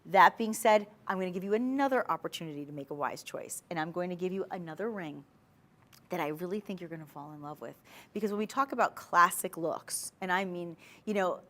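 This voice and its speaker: A woman's voice: on the low side, brisk, fairly bright tone. Woman, shopping-channel host, persuasive chatter with rambling asides, studio sound. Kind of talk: live TV sales pitch.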